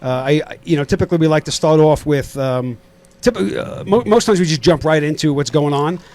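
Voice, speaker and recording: A man's voice: on the high side, brisk, darkish tone. A middle-aged man from Queens with a New York accent, hosting a casual podcast interview and rambling with lots of fillers and restarts. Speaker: podcast host.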